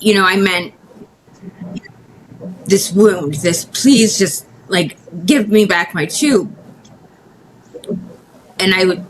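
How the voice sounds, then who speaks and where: A woman guest speaking candidly in an interview, telling a personal story in a halting, emotional way with frequent restarts. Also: lowish voice, a bit bright, slight background noise, rough recording.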